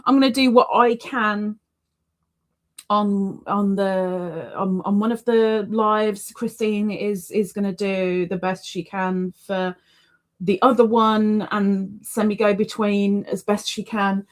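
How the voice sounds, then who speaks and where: A woman's voice: medium pitch, fairly even intonation, takes it slowly. A woman hosting a casual livestream, chatty and repeating words for emphasis. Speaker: livestream host.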